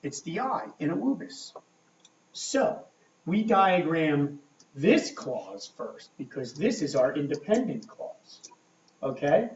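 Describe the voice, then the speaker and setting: A man teaching a grammar lesson at a board, talking slowly and checking in often with "okay?". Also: fairly high pitch, big pitch swings, a little hiss or hum. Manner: slow, checking in with frequent "okay?". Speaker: English teacher. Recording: echoey room, mic far off, dull lo-fi sound.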